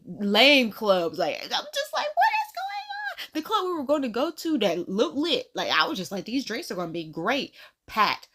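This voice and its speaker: A woman in her thirties telling a casual storytime to camera, laughing often and acting out the people she quotes. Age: 30s. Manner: animated, laughing, acts out quotes in a higher voice. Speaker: vlogger.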